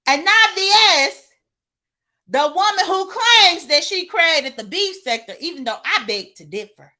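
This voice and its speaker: A woman doing sassy, animated gossip commentary, greeting viewers by name and laughing between points. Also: extremely high pitch, a little slow. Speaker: livestream commentator.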